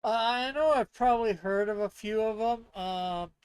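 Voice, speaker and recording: A man's voice: high-pitched, normal speed, smooth, no echo. A man hosting a casual live stream, reading chat aloud and laughing often. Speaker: streamer host.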